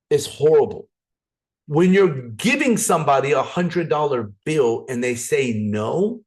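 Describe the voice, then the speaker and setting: A man giving a motivational sales training talk, animated, acting out scenes and repeating words for emphasis. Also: fairly high pitch.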